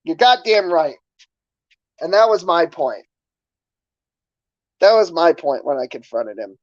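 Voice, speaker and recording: A man's voice: on the high side, very animated, measured pace, no echo, lo-fi sound. A man streaming, ranting casually to his chat in a sarcastic, profane, rambling way. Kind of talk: casual livestream rant to chat.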